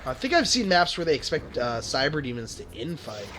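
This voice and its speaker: A man's voice: medium pitch, big pitch swings, fairly quick, fairly bright tone. A man streaming a video game, talking casually and sardonically, often swearing. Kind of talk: casual gaming chat.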